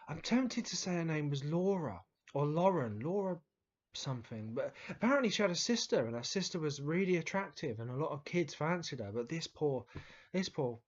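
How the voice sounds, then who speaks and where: A man's voice: on the high side, lo-fi sound. A man telling childhood stories to camera in a casual, rambling way, with frequent restarts, fillers and the odd swear word. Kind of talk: casual storytelling monologue.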